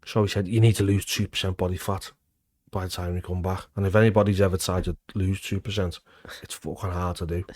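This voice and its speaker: A former footballer in his thirties, speaking with a Liverpool accent, tells stories in a casual interview. His low-pitched voice is brisk and recorded without echo, and he's animated, swearing freely and shouting out quotes as he acts them.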